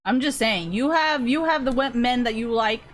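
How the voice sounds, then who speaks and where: A woman streamer with a slightly high voice, talking at normal speed over a little hiss or hum, chats casually with viewers. She rambles, swears often and fills her speech with fillers.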